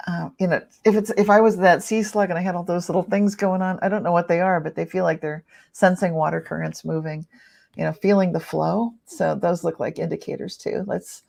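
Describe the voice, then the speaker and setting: Low, gravelly-voiced woman panelist. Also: mellow. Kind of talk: intuitive reading, casual panel talk.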